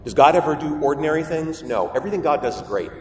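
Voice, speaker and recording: A man, a priest, giving a lively homily to young people and asking them questions. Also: fairly high pitch, fast, a crowd in the background. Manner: animated, asks the listeners questions. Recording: roomy hall echo from far off.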